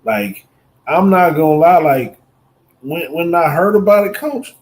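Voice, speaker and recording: A man's voice: fairly high pitch, expressive, unhurried, low-quality recording. A man co-hosting a podcast, talking casually and repeating words as he thinks. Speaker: podcast co-host.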